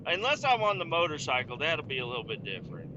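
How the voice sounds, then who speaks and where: A man's voice: on the high side, wildly swooping pitch, quick pace, lo-fi sound, background noise. A man hosting a podcast, joking around and laughing with his caller. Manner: jokey, laughs often, short backchannels. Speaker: podcast host. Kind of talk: casual chat.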